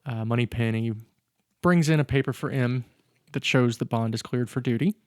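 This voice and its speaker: Rambling and correcting himself as he jokes through a film's plot, a man co-hosts a casual podcast about movies. His mid-range voice is darkish, clear, and resonant at a moderate pace, recorded dry with clean studio sound.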